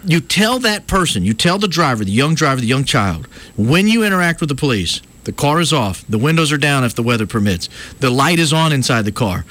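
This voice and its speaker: A man's voice: mid-range voice, very animated, fairly quick, a bit bright. A man in his late thirties hosting a talk radio show, explaining things in an earnest, lecturing way. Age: 30s.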